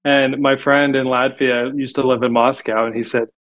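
A man's voice: mid-range voice, little pitch movement, normal speed, fairly bright tone. A man as a podcast guest, telling stories in a casual, chatty way and filling gaps with "like". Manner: chatty storytelling, frequent "like" fillers. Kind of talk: casual interview talk.

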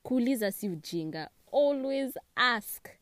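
A woman's voice: fairly high pitch, a little slow, dry recording. Chatty Kenyan young woman, dry sound. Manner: chatty and expressive, laughs often, mixes in Swahili words. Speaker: vlogger giving relationship advice. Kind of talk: casual chat to camera.

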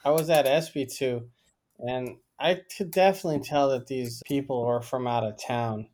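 A man with a mid-pitched voice trades laid-back, teasing remarks in casual conversation. He speaks easily and jokes along. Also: moderate pace, darkish tone. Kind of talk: casual chat.

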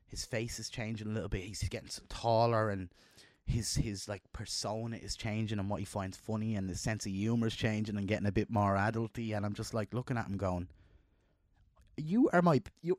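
A man's voice: flat delivery, fairly quick, few pauses, no echo, studio quality. A middle-aged man co-hosting a podcast, talking in a heartfelt, emotional way about his kids. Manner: emotional, heartfelt, jumps up in pitch when quoting himself. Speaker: podcast co-host. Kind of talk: casual chat.

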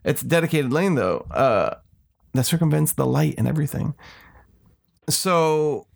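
A man, co-hosting a casual chat and telling stories in a profane, animated way. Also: fairly high pitch, unhurried, gravelly. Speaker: podcast co-host.

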